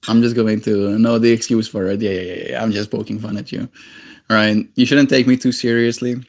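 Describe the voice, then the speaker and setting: A man's voice: fairly low pitch, steady tone, brisk. A young man livestreaming, chatting casually with viewers and reading their comments in a playful, teasing way. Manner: playful, teasing, drifting into silly put-on voices and quiet mumbles. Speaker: daily livestreamer.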